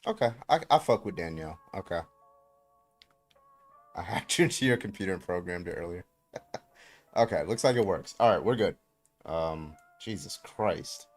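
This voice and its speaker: Low male streamer, casual and profane, loud bursts, faint music behind. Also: animated, normal speed, long pauses. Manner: profane, talks through tech setup with sudden loud outbursts. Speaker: livestream host. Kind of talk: casual livestream chat.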